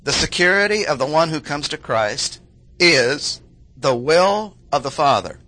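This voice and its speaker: A man preaching an expository sermon, repeating key phrases for emphasis and often clearing his throat. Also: on the high side, animated, measured pace, bright, forceful tone.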